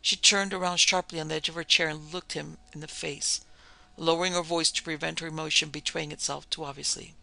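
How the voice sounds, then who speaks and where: Guy reading an old ghost story, measured and formal, gravelly voice, slightly high. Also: flat delivery, bright, forceful tone. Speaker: narrator and producer.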